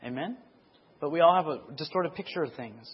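A middle-aged man preaching his testimony in a sermon, asking for amens and getting loud and excited as he retells stories. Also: on the high side, brisk, slightly rough, highs cut off.

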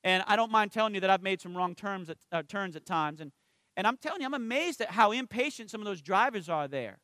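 A minister delivers a sermon full of personal stories in a high, bright, animated voice, recorded dry and close. His style is conversational, and he invites the congregation to respond with the occasional "amen." When he reaches a spiritual point, he slows way down and turns quiet.

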